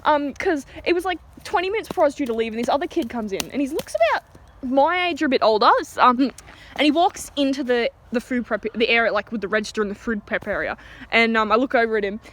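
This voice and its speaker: A woman's voice: on the high side, animated, fast, fairly bright tone, slight background noise. A young Australian woman telling a story casually outdoors, rambling with lots of fillers and giggles.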